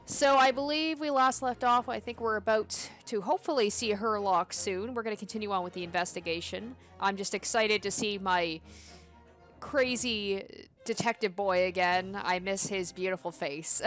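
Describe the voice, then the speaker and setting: A woman doing casual game commentary, reading the dialogue aloud in a giggly, excitable way. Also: medium pitch, normal speed, soft background music. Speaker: game streamer.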